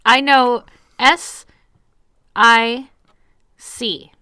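A woman's voice: a little high, steady tone, extremely slow, pushed and bright, smooth, dry recording. A woman co-hosting a podcast in casual chat, with dry, teasing banter. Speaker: podcast co-host.

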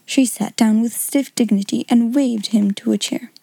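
Mellow-voiced woman reading a story. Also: fairly high pitch, steady tone, moderate pace, gravelly, dry recording. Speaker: audiobook narrator. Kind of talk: scripted narration.

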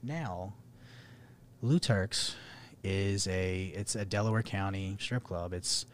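A young man, co-hosting a podcast and telling dating stories in a casual, profane, animated way. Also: sits low, slow pace, a little hiss or hum. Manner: profane, animated, laughing storyteller. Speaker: podcast co-host. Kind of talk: casual storytelling.

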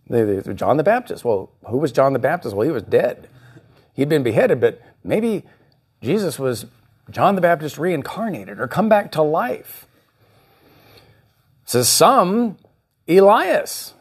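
A man's voice: a little high, slightly rough. A male pastor preaching a sermon, reading scripture and acting out the voices he quotes. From United States.

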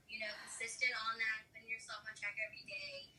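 A woman's voice: a little high, wildly swooping pitch, a little fast, sharp tone, echoey room. A young woman from the United States, chatting candidly and giving herself pep talks in quoted asides. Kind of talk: casual chat. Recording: slightly distant mic with faint noise.

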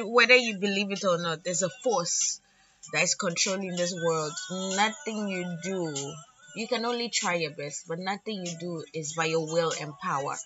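A woman hosting a casual solo podcast, talking in an earnest, reflective way. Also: on the low side. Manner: reflective, earnest, slightly preachy. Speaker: podcast host. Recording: dull lo-fi audio with music underneath.

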